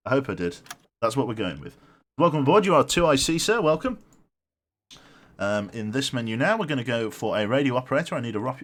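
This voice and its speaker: A man with a medium-pitched voice chats casually while playing on a live game stream. He rambles, swears freely, and thanks his viewers along the way.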